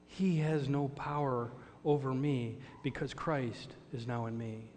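A man's voice: mid-range voice, steady tone, a little slow, a little mellow, a little hiss or hum. Earnest male pastor in reverberant church. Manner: earnest, storytelling, call-and-response asides. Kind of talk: sermon with personal stories. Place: church sanctuary.

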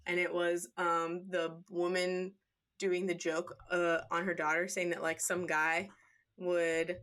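Her voice is lowish and a bit bright, her delivery flat and slow. As a podcast co-host in a laid-back conversation, she chats freely, laughs frequently, and uses many "like" fillers.

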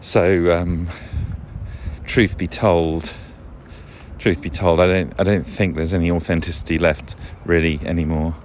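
Slow, deep-voiced rambling man. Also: flat delivery, darkish tone. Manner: rambling, self-interrupting, wry. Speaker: podcast host. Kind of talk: casual solo podcast monologue. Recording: noisy background.

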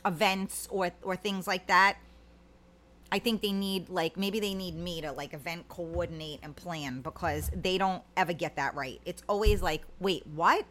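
Chatty bright-voiced New woman. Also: on the low side, normal speed. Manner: chatty, rambling, many fillers. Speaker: livestream host. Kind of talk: casual chat reading viewer comments.

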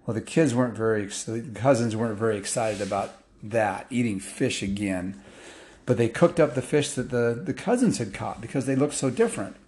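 A man with a mid-range voice tells a story at a brisk pace, loose and casual, full of restarts and fillers, growing more excited as the action builds.

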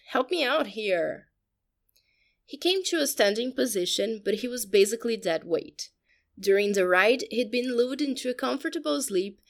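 A woman narrating a story in a steady, even audiobook style. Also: mid-range voice.

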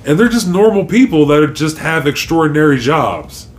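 A man co-hosting a podcast in relaxed, jokey casual chat, telling stories. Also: normal speed. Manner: laid-back, jokey, acts out quotes in high voices. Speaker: podcast co-host. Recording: faint background noise.

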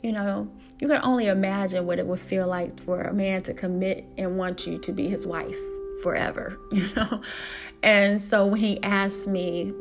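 A woman earnestly telling a personal story, repeating her phrases and acting out old conversations. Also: medium pitch. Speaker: speaker sharing her life story.

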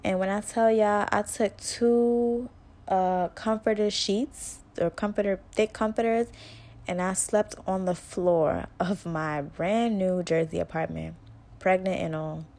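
A woman's voice: mid-range voice, steady tone, a little slow, a little mellow. A young woman hosting her own podcast, telling a personal story in a candid, conversational way and speaking straight to her listeners. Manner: candid and conversational, full of "like" and "y'all". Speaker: podcast host.

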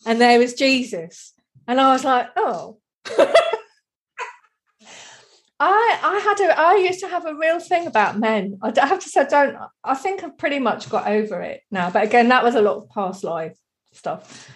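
Woman with a higher pitch, a reflective and meandering talker in a casual chat. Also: expressive, normal speed. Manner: reflective, rambling, frequent "you know".

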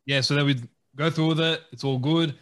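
A man co-hosting a podcast, telling a story in a casual, animated way and laughing often. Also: a little high, brisk. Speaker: podcast co-host.

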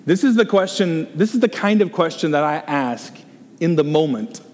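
A middle-aged man, a pastor leading a group discussion, preaching in an animated, joking way. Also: fairly high pitch, moderate pace, in a large hall. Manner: excitable, exclaims and jokes, reads listener comments aloud.

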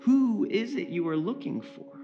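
Jesus, a gentle risen teacher, as a preacher voices him. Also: male voice, high-pitched, lively intonation, moderate pace, highs cut off, faint music behind. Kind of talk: sermon storytelling.

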